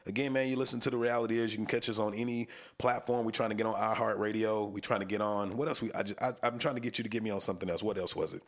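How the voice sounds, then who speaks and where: A man's voice: fairly low pitch, steady tone, rapid-fire, few pauses. A young man hosting a podcast, chatting casually with loose profane storytelling. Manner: profane, laid-back storytelling. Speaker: podcast host.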